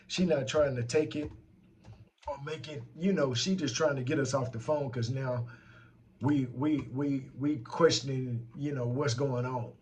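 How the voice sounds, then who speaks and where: A man's voice: mid-range voice, fairly bright tone, a little hiss or hum. A man telling a story about a complaint in a casual, heated and profane rant.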